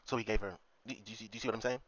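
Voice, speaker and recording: A man's voice: on the low side, steady tone, very fast, a bit bright. A man ranting through a commentary monologue, swearing freely and tagging his points with a repeated "okay?". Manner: profane, repetitive, keeps asking "okay?". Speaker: commentary vlogger. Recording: dull lo-fi dry recording.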